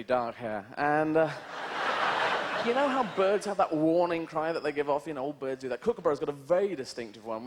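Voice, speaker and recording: A man doing a surreal stand-up routine, rambling through absurd asides with lots of "you know". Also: on the high side. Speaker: stand-up comedian. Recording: noisy old TV broadcast, live audience.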